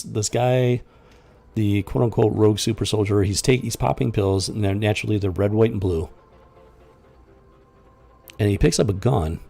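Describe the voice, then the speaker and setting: A man's voice: lowish voice, gravelly, warm tone, husky. A man hosting a comics review show, reading panels aloud and commenting in a sarcastic, exasperated, rambling way.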